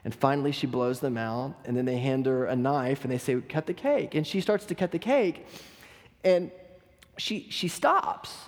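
A man's voice: medium pitch, normal speed, a little mellow. Pastor guy preaching and storytelling, earnest, echoing church hall. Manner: earnest storytelling, some repeats. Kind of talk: sermon. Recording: long hall reverb.

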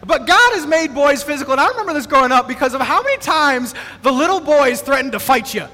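A pastor from Wisconsin preaches in a lively, conversational way. His voice is very high, bright and forceful, and it rings with the long reverb of a large hall. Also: fast talker. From Wisconsin, USA. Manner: animated, conversational, acts out quotes. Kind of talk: sermon.

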